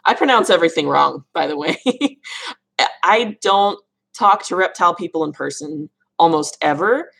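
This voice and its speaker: On a casual livestream, this woman fields live chat questions about reptiles as their keeper and laughs when she mispronounces things. Her voice runs low with a fairly bright tone.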